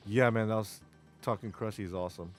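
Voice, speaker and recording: A man's voice: fairly low pitch, steady tone, fast talker, faint music behind. A man hosting a casual live stream, rambling and enthusiastic, often repeating words. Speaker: stream host.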